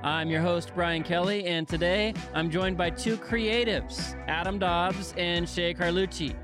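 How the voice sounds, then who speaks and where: A man's voice: high voice, steady tone, unhurried, music in the background. A man hosting a casual podcast interview in an upbeat, joking way, speaking close to the microphone. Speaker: podcast host. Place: sitting on couches indoors. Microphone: microphone held close on mini tripod.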